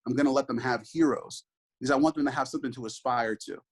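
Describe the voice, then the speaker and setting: A man's voice: medium pitch, quick pace, low-quality recording. A man in his thirties, a father, talking earnestly in an interview, reflective and full of restarts and asides. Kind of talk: conversational interview.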